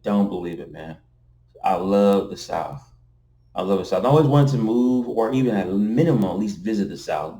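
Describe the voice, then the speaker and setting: Low-voiced man rambling to camera. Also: mellow. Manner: rambling, repeats himself, often says "you know what I'm saying". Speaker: vlogger. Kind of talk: casual rambling vlog talk. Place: indoors at night next to window blinds. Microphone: camera facing him.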